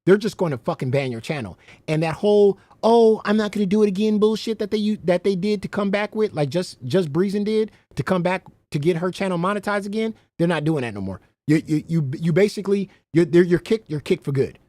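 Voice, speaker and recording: A man hosting a loose, chatty livestream in a fairly high voice that swings up and down a lot. He rambles, swears freely and keeps laughing at his own stories. The sound is close and dry, with no room around it. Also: expressive, a little fast, warm tone, no room sound. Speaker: livestream host. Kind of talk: casual livestream commentary.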